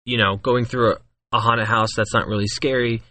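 A man's voice: mid-range voice, steady tone, normal speed, bright, forceful tone. A young man co-hosting a podcast in casual chat, reflective and hesitant, with many fillers. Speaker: podcast co-host.

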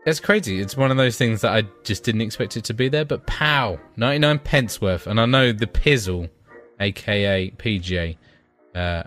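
A man with young kids, co-hosting a casual podcast, telling stories in a sweary, excitable way. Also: fairly low pitch, moderate pace, faint music behind. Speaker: podcast co-host. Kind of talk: casual banter.

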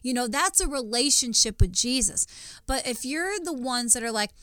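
A woman's voice: on the high side, animated, moderate pace, a bit bright, dry recording. A woman co-hosting a Christian podcast, speaking in an emphatic, preachy way and often repeating words as she starts sentences. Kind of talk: faith-based conversational teaching.

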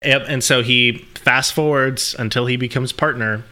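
Young man, halting, bright casual voice. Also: medium pitch, steady tone. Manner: halting, filler-heavy summarizing. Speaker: podcast co-host. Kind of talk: casual movie discussion.

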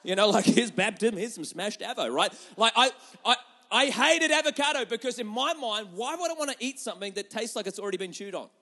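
A young adult man preaching a sermon, telling stories with lively swings between loud and hushed delivery. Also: high-pitched, breathy edge. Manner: animated storytelling with quick shifts between loud and hushed. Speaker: pastor.

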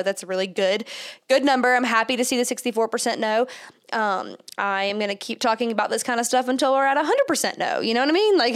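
A woman's voice: medium pitch, smooth. A woman hosting a casual solo podcast, chatty and full of fillers, slightly out of breath with a stuffed-up nose. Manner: chatty, filler-heavy, laughs often. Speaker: podcast host.

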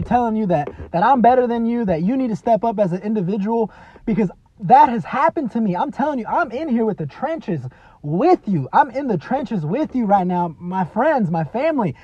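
A man in his thirties with a high voice hosts a motivational podcast. He speaks earnestly and repetitively, tossing in "you know" and "man," and pushes his points harder as he goes. The audio is dry and a little dull, like lo-fi podcast sound. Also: sing-song, moderate pace, husky, dry recording. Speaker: podcast host.

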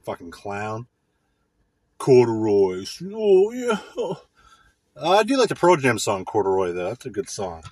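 A man's voice: fairly low pitch, huge pitch swings, brisk, hardly any pauses, husky, dry recording. A man in a casual monologue as a podcast host, ranting with heavy profanity and mocking impressions.

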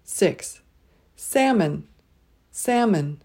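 A woman leading a pronunciation drill, saying each word twice and pausing so listeners can repeat. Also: medium pitch, expressive, darkish tone. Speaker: pronunciation teacher.

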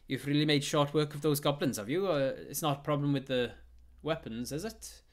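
A man voicing a friendly, tired female blacksmith with a high, eager, stammering voice. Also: moderate pace, close to an everyday voice. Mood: surprised.

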